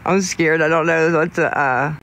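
Rambling young man, a bit high-voiced. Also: fairly even intonation, vocal fry, pushed and bright, a little hiss or hum. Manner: rambling, halting, frequent restarts and fillers; candid, talks openly about staying sober. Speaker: livestreamer answering chat. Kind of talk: casual livestream chat.

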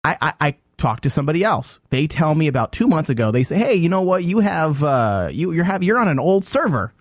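A man's voice: on the high side, very animated, a little fast, dry recording. A man hosting a radio talk show, telling a long griping story in casual banter and mimicking phone agents.

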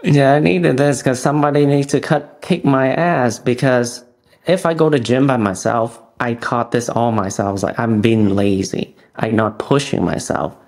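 A man's voice: medium pitch, normal speed, darkish tone. Attentive man interviewer. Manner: attentive, laughs, frequent backchannel. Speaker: interview host. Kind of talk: casual interview.

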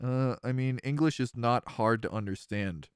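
A man's voice: mid-range voice, normal speed, clean tone, no room sound, clean studio sound. A man in his thirties hosting a casual let's-play, joking with viewers and laughing often. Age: 30s. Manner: animated, jokey, laughs often. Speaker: streamer, let's-play host. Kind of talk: casual game commentary, chatting with viewers.

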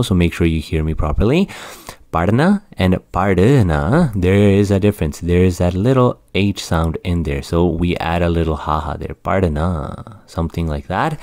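A man's voice: deep voice, darkish tone, dry recording. A man teaching the Punjabi script in an online lesson, explaining patiently and repeating words as he goes. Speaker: language tutor.

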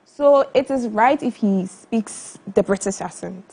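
A woman on a chat panel, blunt and quick to jump in. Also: medium pitch, warm tone. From Ghana.

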